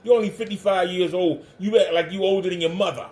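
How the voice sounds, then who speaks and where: A man's voice: high voice, steady tone, fast talker, a little mellow. A man hosting a livestream, ranting confrontationally and hammering the same pointed questions. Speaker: livestream commentator.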